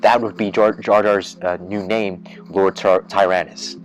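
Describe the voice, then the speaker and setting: A man's voice: low voice, unhurried, faint music behind. A man hosting a podcast in a casual rant, rambling with many fillers and restarts and getting worked up as he imagines things. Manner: grows excited and loud when imagining twists. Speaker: podcast host.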